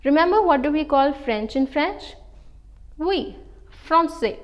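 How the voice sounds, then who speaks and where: Slow, careful woman teaching French. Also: sits high, animated, dull audio. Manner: slow, careful, drawn-out pronunciation examples. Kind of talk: online language lesson.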